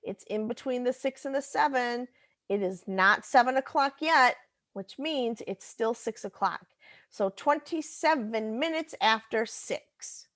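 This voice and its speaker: A woman's voice: on the high side, lively intonation, measured pace, fairly bright tone, no room sound. A woman teacher talking through a recorded math lesson, patiently explaining step by step and correcting herself as she goes.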